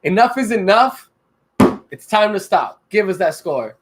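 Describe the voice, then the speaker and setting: A young man with a high voice chats on a casual beer podcast. He jokes, laughs a lot and swears freely, always sounding relaxed among friends. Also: measured pace, heavy background noise. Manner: joking, laughs often, swears. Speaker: podcast co-host. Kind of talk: casual chat.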